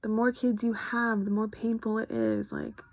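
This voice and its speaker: Young woman vlogger, earnest and upset, slight fry, dry close sound. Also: fairly high pitch, very animated, normal speed, a little mellow, no echo. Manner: earnest, frustrated, speaking from personal experience. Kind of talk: personal video update.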